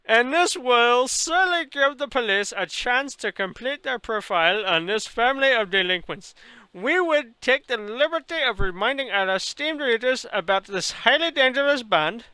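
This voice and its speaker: A man's voice: very high voice, expressive, normal speed, pushed and bright, clear, resonant tone, dry recording, pitched above the performer's own voice, exaggerated voice. A man reading a newspaper notice aloud in a put-on, exaggerated Indian accent with a sing-song, pompous delivery. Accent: mock Indian.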